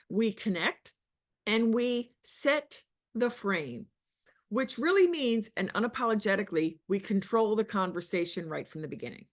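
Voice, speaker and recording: A middle-aged woman sales coach talking passionately on a podcast, asking the listener questions and acting out other people's lines. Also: on the high side. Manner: passionate, animated, rhetorical questions. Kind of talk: podcast teaching talk.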